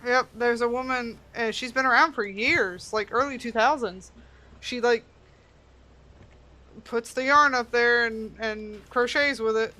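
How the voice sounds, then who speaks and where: Bright giggly woman rambling, kinda high voice. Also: measured pace. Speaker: co-host. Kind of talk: casual chat while gaming.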